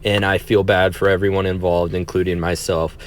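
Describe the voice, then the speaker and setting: A man's voice: sits low, little pitch movement, a little fast. A young man telling an embarrassing personal story in a casual vlog, candid, profane and self-deprecating. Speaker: vlogger.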